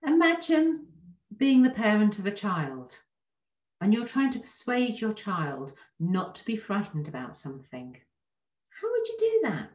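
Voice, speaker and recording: A woman giving a gentle, reassuring self-help talk straight to the listener, often asking rhetorical questions. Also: mid-range voice, wildly swooping pitch, measured pace. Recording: echoey room.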